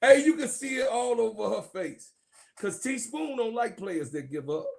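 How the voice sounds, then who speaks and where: A man giving loud, profane, joking sports commentary, laughing and calling out to his viewers. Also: very high voice, lively intonation, moderate pace, vocal fry. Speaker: sports vlogger. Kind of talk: casual comedic sports commentary.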